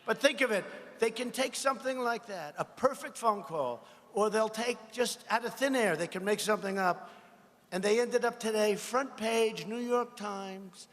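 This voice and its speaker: A man's voice: sits high, moderate pace, fairly bright tone. Man mocking his rivals from a rally stage. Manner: rambling and mocking, asks the crowd for agreement. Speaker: politician at a rally. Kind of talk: campaign rally speech. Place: large arena. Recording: echoing hall with faint crowd noise.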